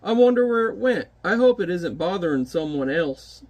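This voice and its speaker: A man voicing a well-meaning male giant from an old comic, in a gentle, earnest storybook voice. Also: high voice, lively intonation, moderate pace. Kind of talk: reading comic dialogue aloud.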